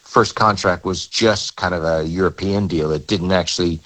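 A man being interviewed as a musician guest, telling stories in a relaxed way with small repeats. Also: deep voice, moderate pace, rough recording. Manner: relaxed storytelling with repeated words. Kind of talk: radio interview chat.

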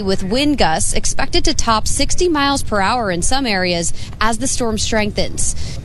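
A woman field reporter delivering a scripted news report in a measured way. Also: a little high, fairly bright tone, slight background noise.

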